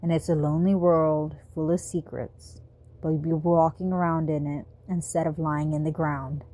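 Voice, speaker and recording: A woman voicing a calm, serious teenage boy vampire in an audiobook reading, speaking slowly and quietly. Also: sits low. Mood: grave.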